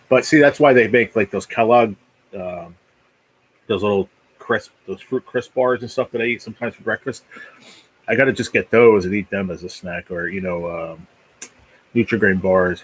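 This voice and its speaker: On a rough recording, a man with a husky, lowish voice hosts a casual livestream. He rambles in an easygoing way and keeps chatting while he eats.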